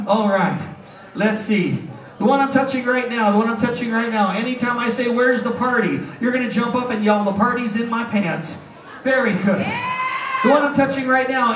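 A man's voice: very high-pitched, a bit bright. A man working as a stage hypnotist, joking and bantering through his live comedy show in a casino showroom. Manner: brash, joking showman patter. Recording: echoey room from far off, crowd.

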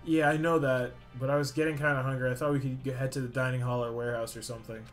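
A young man playing a video game, reading the dialogue aloud and reacting with swearing and sudden loud outbursts. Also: medium pitch, quick pace, soft background music. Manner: swears a lot, swings from mumbling to loud excited outbursts. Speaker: let's play gamer. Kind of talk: let's play commentary reading dialogue aloud.

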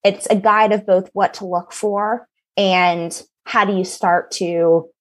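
A woman's voice: medium pitch, steady tone, takes it slowly. A woman company co-founder speaking as a podcast guest, earnest, with frequent fillers and restarts. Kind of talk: podcast interview.

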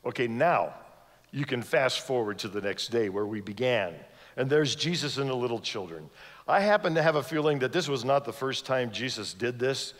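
In a large church sanctuary full of long hall reverb, a man delivers a guest sermon, narrating a story and performing the voices of the people in it. He speaks expressively at normal speed in a medium-pitched voice.

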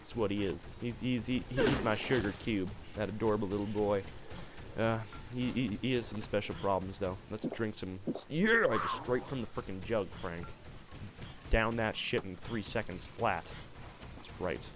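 A young adult gamer does casual, rambling let's play commentary over a headset, clowning around with yelps and silly voices. His voice is fairly low and his speed normal. There's noise in the background.

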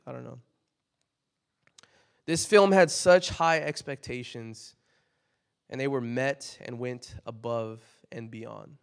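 A young man preaching a casual, conversational sermon, full of "like" fillers, that builds to loud emphatic peaks. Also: medium pitch.

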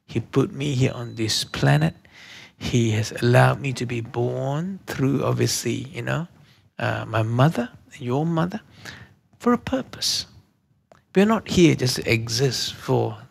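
A man teaches a church course lesson in a creaky, husky, medium-pitched voice. He repeats each key question and checks in with "okay?" as he goes, delivering slowly and emphatically with hesitant restarts.

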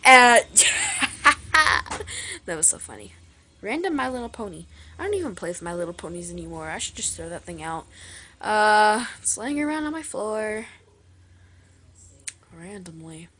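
Chatting through the end of her toy skit video, this teenage girl puts on an accent and rambles in fun. Her medium-pitched voice is bright and forceful, very animated, at normal speed with frequent pauses.

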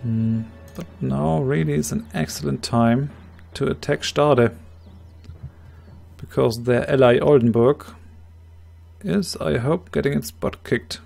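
A man with a slightly hoarse voice calmly explaining his moves, thinking aloud in a strategy game let's play. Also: mid-range voice, slow pace, faint music behind. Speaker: game commentator.

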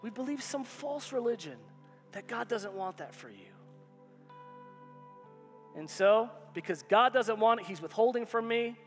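Man, pastor, preaching, emphatic, repeats lines, reverberant sanctuary, soft music under. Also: very high-pitched, expressive, a little slow, pauses often. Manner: emphatic, repetitive preaching with call-and-response. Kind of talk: sermon. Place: church sanctuary. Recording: hall reverb with faint music.

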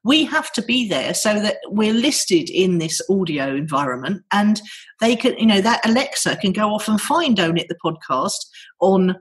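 A woman hosting a podcast, arguing her point with eager, rambling enthusiasm and frequent laughs. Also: medium pitch. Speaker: podcast host. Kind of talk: casual chat.

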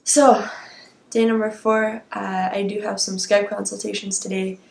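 A woman with a raspy voice, chatting candidly to her viewers in a casual video diary. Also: mid-range voice, level tone, measured pace, a little mellow, roomy sound. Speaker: vlogger.

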